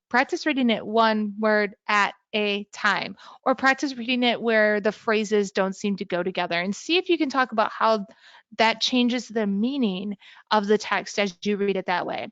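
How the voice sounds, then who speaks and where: A woman giving an instructional talk to teachers, clearly explaining how to teach reading skills step by step. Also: mid-range voice, lively intonation, a little fast, fairly bright tone, no echo, muffled recording. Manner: clear, explanatory, modeling sample lesson language. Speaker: teacher educator.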